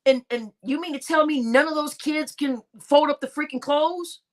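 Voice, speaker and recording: Woman live-stream commentator, high voice, exasperated and animated, stumbles over her words. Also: moderate pace. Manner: animated, exasperated, stammering restarts, addresses chat.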